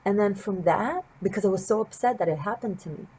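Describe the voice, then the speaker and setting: A woman's voice: mid-range voice, brisk, a little mellow, slight background noise, low-quality recording. A woman tarot reader and martial artist telling a personal story to her viewers in an earnest, reflective, wandering way. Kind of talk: casual storytelling to camera.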